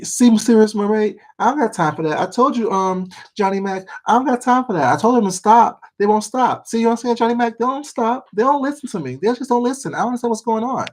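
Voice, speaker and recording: A man's voice: very high voice, animated, quick pace, few pauses, pitched above the performer's own voice. A man voicing an exasperated woman who keeps telling hecklers to leave her alone, repeating herself and swearing. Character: fed-up loud woman cussing out hecklers.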